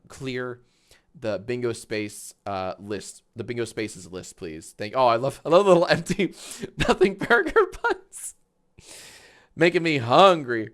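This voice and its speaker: A man hosting a live stream, chatting casually and loudly, swearing, laughing and getting excited in bursts. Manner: excitable, loud, swears, laughs often, big swings in pitch and volume. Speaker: livestream host. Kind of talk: casual livestream chat.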